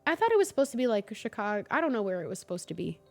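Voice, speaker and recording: A woman's voice: medium pitch, racing, soft background music. A young woman from North Jersey with a light North Jersey accent, chatting casually while streaming a game. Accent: North New Jersey. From North New Jersey. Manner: chatty, animated, self-deprecating. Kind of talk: casual gaming commentary.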